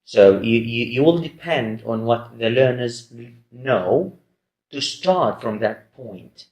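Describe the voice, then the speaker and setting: A male lecturer talks slowly through a recorded lesson, pausing often with fillers and restarting his sentences. His voice sits at a middle pitch and rings in a roomy, echoey space. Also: animated, a little mellow. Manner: hesitant, many fillers and restarts. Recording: roomy echo.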